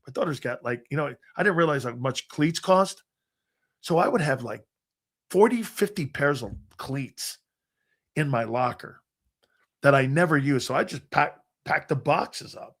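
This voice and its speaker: A man's voice: on the high side, lively intonation, a little slow, fairly bright tone. An older man from Connecticut, a sports show host and former player, telling rambling anecdotes in a casual way with lots of restarts and some swearing. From Connecticut, United States. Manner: rambling anecdotes, frequent restarts and fillers, profane.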